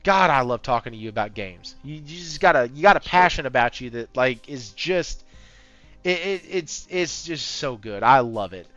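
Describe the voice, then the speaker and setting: A man hosting a casual gaming podcast, talking in an amped-up, high-energy way and swearing freely. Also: animated, moderate pace, a bit bright, no room sound. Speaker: podcast host. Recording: slightly muffled audio with faint background music.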